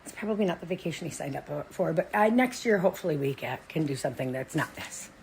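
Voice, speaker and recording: A woman's voice: low voice, lively intonation, fast, darkish tone, a little hiss or hum. A middle-aged woman hosting her own vlog in a casual, rambling, chatty way, often interrupting herself. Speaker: vlog host. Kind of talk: casual chat.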